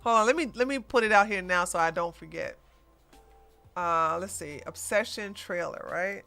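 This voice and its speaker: A woman hosting a casual commentary livestream, chatty and animated, laughing as she reacts. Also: lowish voice, normal speed, creaky, soft background music. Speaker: livestream host.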